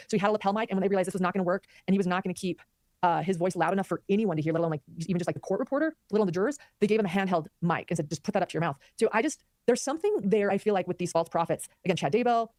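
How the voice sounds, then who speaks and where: Fast-talking woman doing live commentary. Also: mid-range voice, no echo, studio quality. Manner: fast, animated, reads viewer comments aloud. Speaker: commentary host.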